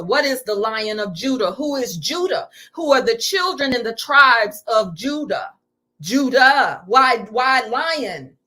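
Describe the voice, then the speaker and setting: A woman's voice: a little high, pushed and bright. A middle-aged woman teaching on spirituality in a live stream, preacherly and full of rhetorical questions.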